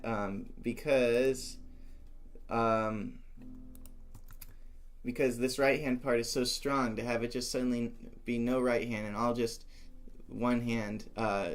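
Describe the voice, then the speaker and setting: A man's voice: medium pitch, creaky. A young man thinking aloud as he composes music, musing and talking to himself with playful asides. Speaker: composition teacher.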